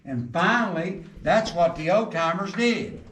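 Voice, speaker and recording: A middle-aged man guides a group through an underground coal mine. He tells folksy stories and jokes, and his fairly high voice echoes off the tunnel walls. He is recorded from a distance, with some faint noise behind him. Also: expressive, a little slow, a bit bright. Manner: folksy joking storyteller, quizzes the group. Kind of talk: guided tour talk to a group.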